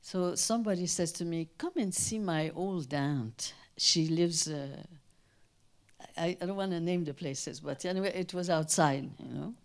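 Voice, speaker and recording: An older woman from Canada, a guest speaker telling anecdotes at a Q&A, animated and acting out the voices of people she quotes. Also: lowish voice, unhurried. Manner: animated, acts out quoted voices, trails off and restarts. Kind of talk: anecdotal storytelling at a Q&A. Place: town hall in front of an audience.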